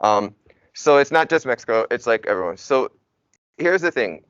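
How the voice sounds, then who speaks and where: A man's voice: medium pitch, animated, moderate pace, a bit bright, smooth, no echo, dull audio. A young man, a native English speaker, teaching Spanish in a casual, chatty classroom lecture full of "like" and "y'all". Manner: chatty, informal, uses y'all and like.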